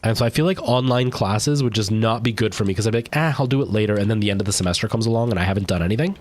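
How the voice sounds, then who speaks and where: A man's voice: on the low side, rapid-fire. A man streaming a game live, rambling and thinking aloud as he plays, often poking fun at himself. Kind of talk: live gameplay commentary.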